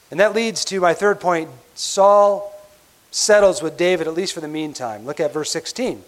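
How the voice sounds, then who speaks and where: High-voiced man preaching a sermon. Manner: emphatic preaching, slowing on key words, rhetorical questions. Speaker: pastor.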